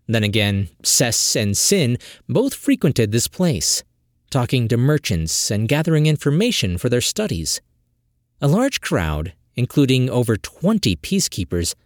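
A man's voice: mid-range voice, darkish tone, no room sound, studio quality. A man narrating a fantasy short story as an audiobook, telling it expressively and dramatically.

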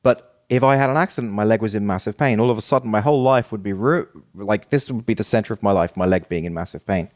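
Man, casual podcast chat, lowish voice, thoughtful, halting, restarts mid-sentence. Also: darkish tone. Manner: thoughtful, halting, self-interrupting. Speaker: podcast co-host.

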